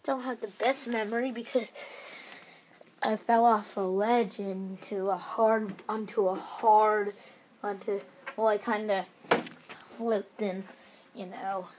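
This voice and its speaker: A woman telling a plush toy story in a rambling, excitable way, full of fillers and sudden shrieks. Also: a little hiss or hum. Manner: excitable, breaks into shrill screams.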